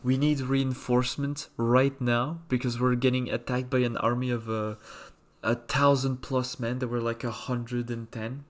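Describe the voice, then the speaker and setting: A man hosts a relaxed podcast chat, spinning stories with small restarts. He chuckles often as he talks. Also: medium pitch, normal speed. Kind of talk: casual chat.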